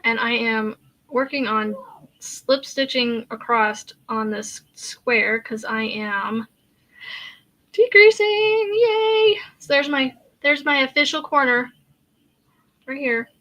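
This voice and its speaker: A woman's voice: a little high, fairly even intonation, slow pace, bright, forceful tone. A woman from Kansas hosting a crochet live stream, chatting casually, laughing often and answering viewer comments as she works. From Kansas, USA. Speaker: crochet channel host.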